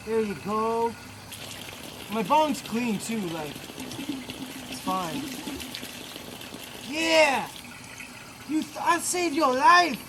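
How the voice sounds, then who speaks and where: A man's voice: very high-pitched, sing-song, very slow, pauses often, background noise. A Canadian man vlogging outdoors in a backyard, hyped and swearing, coaxing a bird. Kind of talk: excited casual vlog.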